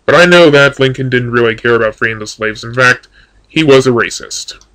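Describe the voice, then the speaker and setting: A man's voice: medium pitch, normal speed, fairly bright tone, low-quality recording. A man giving casual commentary on a video, answering its claims in a dry, sarcastic way. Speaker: YouTube commentator.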